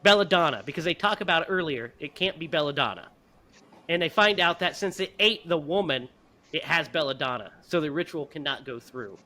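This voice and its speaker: Animated, bright-voiced male podcast host. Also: a little high, fairly quick. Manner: animated, profane, laughing retelling. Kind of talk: casual movie review chat.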